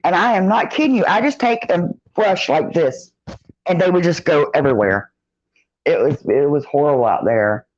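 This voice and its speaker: A middle-aged woman chatting casually on a live stream, reading out the live chat and greeting viewers by name in a folksy, drawn-out way. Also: sits low, expressive, a little mellow, dull audio.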